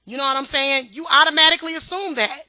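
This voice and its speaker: A woman's voice: sits high, fast, sharp tone, dry recording. A woman on her vlog, venting in a confrontational, profane, sarcastic way and repeating points for emphasis. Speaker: vlogger. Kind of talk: heated ranting vlog.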